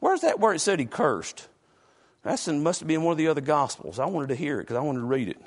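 A middle-aged male pastor with a North Carolina mountain accent, preaching a folksy sermon, calling out congregants by name and breaking into shouts. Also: on the high side, big pitch swings, fast talker, breathy edge. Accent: North Carolina mountain Southern.

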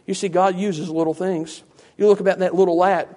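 High-voiced man preaching a sermon. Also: fairly even intonation, a little fast, mellow. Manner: conversational, questioning, with rhetorical asides.

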